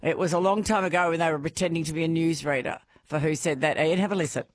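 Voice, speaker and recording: A woman's voice: low voice, quick pace, a little hiss or hum. Bubbly woman hosting radio. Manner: bubbly, laughs often. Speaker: radio host.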